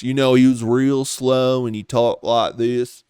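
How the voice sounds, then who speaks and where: A man's voice: mid-range voice, steady tone, slow, hardly any pauses, smooth, no echo, clean studio sound. A man delivering a contemptuous, accusatory commentary rant, swearing as he goes. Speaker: commentary vlogger. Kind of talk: ranting commentary.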